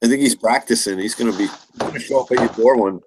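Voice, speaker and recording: A man's voice: mid-range voice, fast talker, noisy background. A man hosting a casual live stream chat, loose and joking, laughing often.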